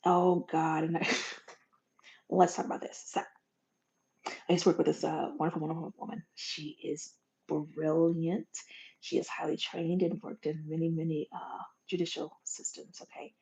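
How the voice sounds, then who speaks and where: A woman hosting a motivational monologue in a folksy, animated way, swinging from loud bursts to soft whispers. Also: sits low, normal speed, vocal fry. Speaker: podcast host. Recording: dull lo-fi recording.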